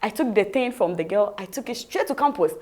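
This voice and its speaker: A woman's voice: mid-range voice, animated, fairly quick, a little mellow. A woman with a Ghanaian accent, an interview guest vividly telling her personal story and acting out the dialogue.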